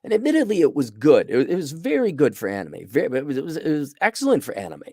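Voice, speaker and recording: A man's voice: a little high, huge pitch swings, fast, mellow, no room sound, studio quality. A middle-aged man hosting a casual livestream review, talking bluntly and rambling, often restarting his sentences. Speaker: show host reviewing a series.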